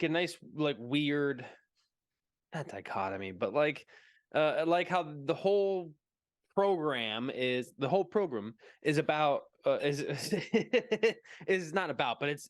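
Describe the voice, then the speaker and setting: A man's voice: fairly high pitch, animated, slow, no echo, studio quality. A man co-hosting a casual movie chat, hesitant, with many fillers and restarts, laughing easily. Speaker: podcast co-host.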